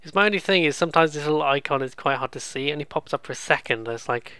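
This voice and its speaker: A man's voice: fairly high pitch, expressive, fast talker, pushed and bright, smooth, no room sound. A man hosting a let's play, giving casual, sarcastic, rambling gameplay commentary. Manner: sarcastic, swears freely, rambling.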